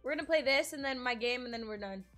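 A woman's voice: on the high side, fast talker, a bit bright. A young woman hosting a casual gaming livestream, bubbly and bossy as she directs her friends. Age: young adult. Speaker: streamer and host. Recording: faint game music behind.

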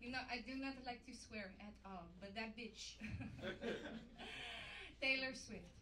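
A woman doing a live stand-up impression of a vain, over-the-top female diva singer with a put-on French-Canadian accent, talking loud and sing-song. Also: a little high, takes it slowly. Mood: catty, teasing. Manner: loud, campy, sing-song, bursting into shouts. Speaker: comedian doing a character impression. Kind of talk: live stand-up character act. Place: comedy club stage. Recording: roomy live venue from far off, audience noise.

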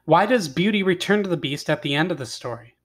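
A male teacher with a somewhat high voice reads a fairy tale aloud with expression. He stops often to ask his class questions about the story. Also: lively intonation, quick pace, fairly bright tone. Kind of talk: reading a story aloud to students.

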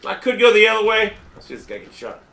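A man raging over a shooter game, foul-mouthed and fed up, dropping to low grumbles and bursting into yells. His voice sits high and swings widely in pitch. The tone is very bright and sharp. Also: sing-song, quick pace, creaky, faint music behind. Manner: profane, swings between muttering and yelling. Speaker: gamer. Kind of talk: raging gameplay commentary.

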